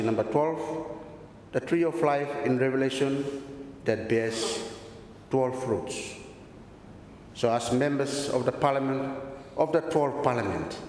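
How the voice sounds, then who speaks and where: Man, parliamentary speech, formal, numbered points, mid pitch, echoey chamber, faint rumble. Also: darkish tone. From Solomon Islands. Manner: formal, repeatedly addresses the Speaker, lists numbered points. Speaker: member of parliament.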